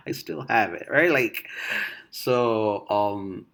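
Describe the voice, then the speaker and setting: A man from Uganda, thinking aloud in a casual monologue, full of restarts and fillers, swinging between loud bursts and quiet asides. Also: fairly low pitch, lively intonation, slow pace, vocal fry. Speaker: vlogger.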